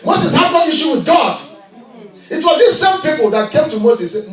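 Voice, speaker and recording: Male pastor, high lively voice, preaching from hushed to shouting, echoey church heard from afar. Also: moderate pace. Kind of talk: sermon. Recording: echoey church, miked from a distance.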